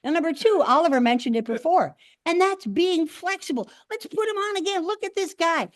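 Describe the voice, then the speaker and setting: A woman's voice: very high voice, a little fast, no room sound, clean studio sound. An older woman giving a humorous speech at a speaking club, acting out the quotes in her stories. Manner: animated storyteller, acts out quotes. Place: meeting room.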